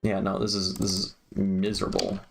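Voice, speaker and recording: A man's voice: sits low, completely flat delivery, normal speed, creaky. A young man who produces music, talking to himself in exasperated, swearing mutters while he works on a mix. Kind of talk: frustrated self-talk while mixing. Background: keyboard clicks and typing.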